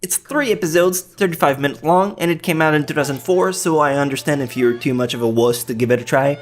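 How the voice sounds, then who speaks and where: A man's voice: on the high side, quick pace. A man with a French accent hosting a countdown list in a cheeky, joking way, with some swearing. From France. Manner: cheeky, swears, teasing jokes. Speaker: anime list host. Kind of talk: scripted countdown commentary.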